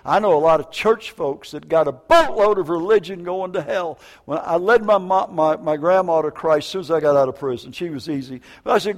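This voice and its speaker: An older man preaching a sermon as a prison minister, telling stories in an animated, jokey way with stammered restarts. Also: sits high, fairly quick, hardly any pauses. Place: church. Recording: reverberant church hall.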